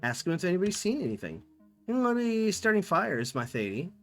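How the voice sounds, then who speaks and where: A man streaming a game live, reading text aloud and reacting in excited outbursts. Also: high-pitched, fairly quick, soft background music. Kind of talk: live gameplay commentary.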